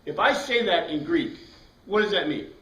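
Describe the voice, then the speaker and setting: High-voiced man teaching from across a room. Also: expressive, moderate pace, a bit bright. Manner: explains step by step, quizzing the class. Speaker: Bible class teacher. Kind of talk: classroom lecture. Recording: roomy sound from a distant mic.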